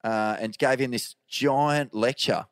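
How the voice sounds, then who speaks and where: A man's voice: medium pitch, steady tone, slow pace, smooth, no echo, clean studio sound. A man with an Australian accent co-hosting a podcast, chatting casually, swearing freely and telling stories with lots of restarts. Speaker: podcast co-host. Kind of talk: casual chat.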